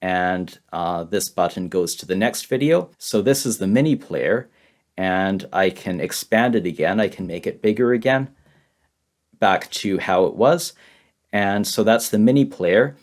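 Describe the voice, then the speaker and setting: A man with a fairly low voice runs a beginner English lesson over his screen. He repeats simple phrases patiently and laughs lightly now and then. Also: lively intonation, measured pace. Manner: simple words, heavy repetition, light laughs. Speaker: English teacher. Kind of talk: slow, repetitive beginner lesson.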